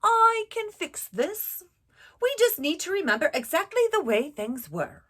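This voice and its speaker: A woman's voice: very high voice, big pitch swings, a little slow, pitched above the performer's own voice, full character voice. A woman voicing an eager elephant in a children's story who wants to fix things. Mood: determined. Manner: loud, confident.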